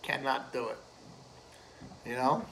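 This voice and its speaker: A man's voice: medium pitch, fairly even intonation, slow, vocal fry, very noisy. A man ranting in a rambling, profane way, swearing constantly, padding with fillers and laughing at his own jokes. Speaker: host ranting to camera.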